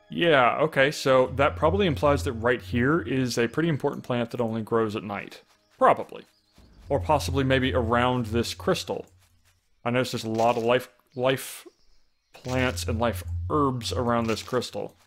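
A man's voice: medium pitch, steady tone, moderate pace, fairly bright tone. Musing male game commentator over faint music. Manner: musing, thinks aloud with restarts and wry asides. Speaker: let's play commentator. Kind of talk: casual gameplay commentary.

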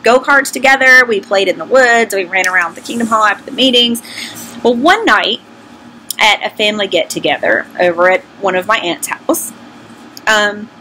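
A middle-aged woman with a Southern US accent talks to her viewers in a loose, conversational vlog. Her voice has a bright, forward edge at an ordinary middle pitch. She speaks candidly and pokes fun at herself as she recalls her own past. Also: slight background noise, rough recording. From American South. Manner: candid, self-deprecating, conversational. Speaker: vlogger. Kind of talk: casual personal storytelling.

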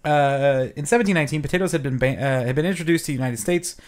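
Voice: medium pitch, fast talker. A podcast co-host reading out history facts in a casual chat, with jokey asides.

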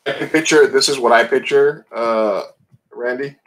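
A male podcast host with an ordinary middle-pitched voice. He asks long, winding questions in a relaxed, chatty way, stumbling through "like"s and "um"s. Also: measured pace, a little hiss or hum, rough recording. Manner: rambling questions, frequent fillers. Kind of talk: casual interview chat.

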